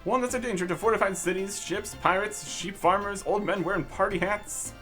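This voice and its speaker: A man's voice: high voice, brisk, pushed and bright, soft background music. A man voicing a grim knight undercover as a pirate in a game, speaking in a matter-of-fact, dry way.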